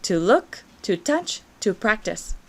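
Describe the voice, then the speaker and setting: A woman's voice: mid-range voice, very animated. Encouraging woman teaching a Spanish grammar lesson. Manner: encouraging, drills conjugations slowly and clearly.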